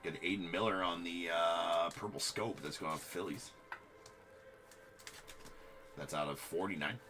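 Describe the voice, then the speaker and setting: A man's voice: deep voice, steady tone, unhurried. A man hosting a live-streamed trading card break, giving running commentary on each card and chatting with viewers, with frequent filler words.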